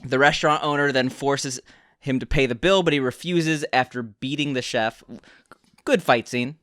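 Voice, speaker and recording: A man's voice: medium pitch, moderate pace, a bit bright, no room sound, studio quality. A young man co-hosting a podcast, recapping a movie in casual chat and often repeating words as he starts a sentence. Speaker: podcast co-host.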